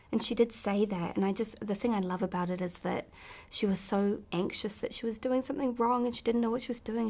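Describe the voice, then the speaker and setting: A woman with a New Zealand accent, an actress chatting in an interview, softly and often dropping to a near-whisper. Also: mid-range voice, vocal fry, breathy edge. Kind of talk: casual interview chat.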